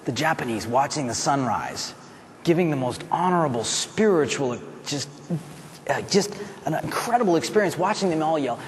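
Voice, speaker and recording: Guy doing a motivational speech, acts out voices, lively pitch, big echoey hall. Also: normal speed, a little hiss or hum. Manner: animated, acts out voices and builds to shouting. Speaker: motivational speaker.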